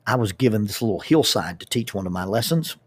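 A man, a public speaker and youth group leader telling a personal story in an animated way, often restarting his words. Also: lowish voice, fast talker, husky. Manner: animated, with repeated starts and lively asides.

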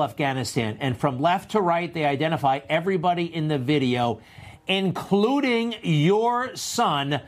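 A man hosting a TV interview, talking in an impassioned, indignant way. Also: on the high side. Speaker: host.

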